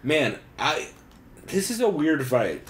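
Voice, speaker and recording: A man's voice: fairly high pitch, very animated, takes it slowly. A man co-hosting a podcast, breaking down fight cards in a loose, profane, joking way and laughing often. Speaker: podcast co-host. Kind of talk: casual chat, fight breakdown.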